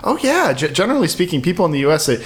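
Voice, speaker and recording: A man co-hosting a podcast talks in a fast, chatty rush. His sentences often trip and restart. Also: a little high, very animated. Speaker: podcast co-host. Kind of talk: casual chat.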